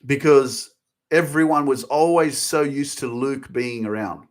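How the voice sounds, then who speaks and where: A man's voice: mid-range voice, a little slow. A man in his thirties hosting a motivational podcast, talking passionately and with emphasis, cursing freely and repeating phrases to drive points home. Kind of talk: motivational monologue.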